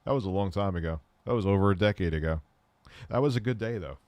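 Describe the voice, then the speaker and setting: Low-voiced man rambling candidly. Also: quick pace, a little mellow, dry recording. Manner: candid, rambling, self-deprecating storytelling. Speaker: livestream host answering chat questions. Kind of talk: casual livestream chat.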